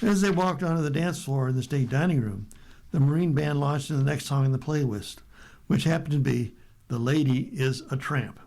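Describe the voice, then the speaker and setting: A man's voice: medium pitch, fairly quick, vocal fry, darkish tone, rough recording. Man reading the news aloud. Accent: American. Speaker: radio reading service reader. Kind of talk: reading newspaper articles aloud.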